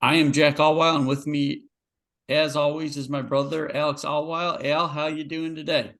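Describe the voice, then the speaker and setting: A man's voice: fairly high pitch, flat delivery, normal speed, fairly bright tone. A man co-hosting a podcast in casual chat, easygoing, often stammering and laughing. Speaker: podcast co-host.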